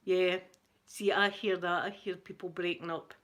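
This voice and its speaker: A woman's voice: on the low side, little pitch movement, moderate pace, fairly bright tone. Scottish woman, middle-aged, live-stream host. Chatty, gossipy, giggly storyteller, close to the mic. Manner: chatty storyteller, laughs often, greets chat viewers. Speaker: ASMR livestream host. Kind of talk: casual chat to live viewers.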